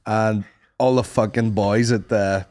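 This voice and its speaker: A man's voice: fairly low pitch, steady tone, a little slow, a little mellow. A Northern Irish man, a comedian co-hosting a podcast, teasing and bantering in casual chat.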